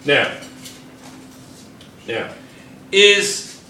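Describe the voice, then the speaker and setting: A man's voice: on the high side, expressive, unhurried, long pauses, bright, forceful tone, recorded from a distance. A man teaching a chemistry class at the board, repeating himself and checking in with students. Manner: repetitive, checks in often with students. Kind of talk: classroom lecture at a whiteboard. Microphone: camera in the room. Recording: echoey classroom with faint room noise.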